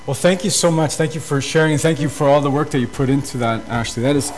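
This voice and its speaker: A man's voice: fairly high pitch, quick pace, very noisy. A pastor giving a sermon to his congregation in an earnest, urging way, often repeating phrases.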